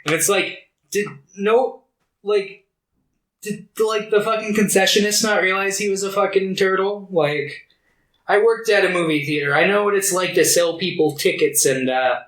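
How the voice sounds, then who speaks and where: A man's voice: high-pitched, normal speed, fairly bright tone. A man co-hosting a podcast, chatting casually about movies with profane, sarcastic banter. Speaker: podcast co-host. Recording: echoey room.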